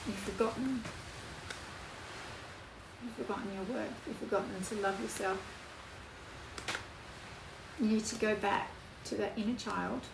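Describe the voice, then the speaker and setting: A woman's voice: mid-range voice, fairly even intonation, creaky. Earnest woman reading tarot, echoey room. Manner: emotional, earnest, slow emphatic phrasing. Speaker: tarot reader. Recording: echoey room, voice from off-mic, background noise.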